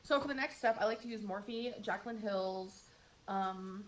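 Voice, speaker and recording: A woman's voice: mid-range voice, unhurried, a little hiss or hum. A woman chatting through her makeup routine in a get-ready-with-me vlog, upbeat and talkative, with wry sarcastic asides. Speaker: beauty vlogger.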